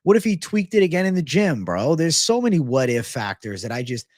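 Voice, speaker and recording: A man's voice: a little high, big pitch swings, fairly quick, darkish tone, no echo, studio quality. A man hosting a live sports betting show, chatting casually and swearing freely while he talks straight to his live chat. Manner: laid-back, slangy, swears freely.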